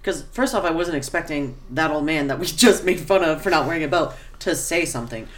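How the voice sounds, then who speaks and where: A woman's voice: sits low, brisk. Young woman telling a story animatedly. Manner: animated storytelling, heavy swearing. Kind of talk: casual podcast chat.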